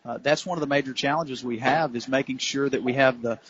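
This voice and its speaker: Council candidate, Louisiana man, mid-pitched, earnest campaign answers, dull lo-fi radio sound. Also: fairly even intonation, fairly quick, a bit bright, slight background noise. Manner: earnest, campaign-style talk with many "uh"s and "you know"s. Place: cigar shop, live remote broadcast.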